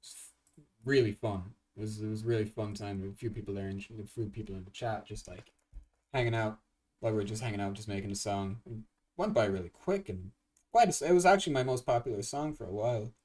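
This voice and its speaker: Excitable young man rambling on a livestream. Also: fairly low pitch, fairly quick, far from the mic. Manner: rambling, excitable, swears a lot, many restarts. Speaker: livestream host and game composer. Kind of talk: casual livestream chat.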